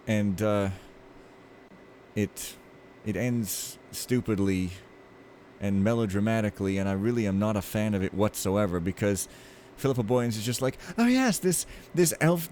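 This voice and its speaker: A man's voice: on the low side, a little mellow, slight background noise. A man casually commenting on a game as he plays, rambling and jokey with lots of filler. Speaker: let's play host.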